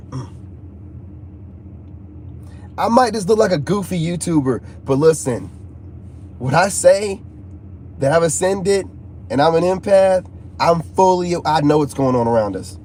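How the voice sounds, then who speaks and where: Man, fairly high voice, casual rambling vlog, animated, repeats himself, faint car noise behind. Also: measured pace, long pauses. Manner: animated, restless, repeats himself, talks to viewers. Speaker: YouTuber.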